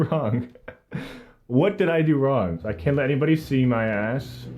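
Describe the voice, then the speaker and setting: Animated, self-mocking male game streamer. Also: medium pitch, unhurried, faint music behind. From Canada. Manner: animated, self-mocking, jokey running commentary. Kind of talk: live gameplay commentary.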